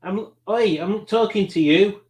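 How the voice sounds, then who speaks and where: A man's voice: sits high, normal speed, darkish tone, slightly rough. A man hosting a casual live-stream quiz night, reading viewer comments aloud in a jokey, rambling way. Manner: jokey, rambling, chuckling at puns.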